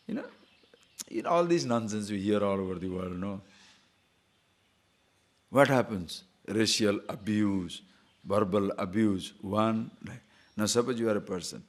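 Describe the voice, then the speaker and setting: A man, a spiritual teacher, giving an animated lecture on scripture and acting out little scenes of quoted speech. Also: lowish voice, moderate pace, pauses often. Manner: animated, acts out quoted speech, chuckles at own stories.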